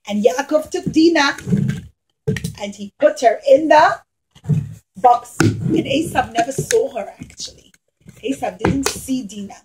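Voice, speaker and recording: A woman telling a puppet show story to young children, animated and talking straight to them. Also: on the high side, low-quality recording.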